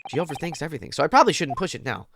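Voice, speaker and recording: A man's voice: a little high, sing-song, racing, gravelly, noisy background. A man streaming a mystery game, chatting playfully with giggly, rambling asides. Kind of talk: casual gaming commentary.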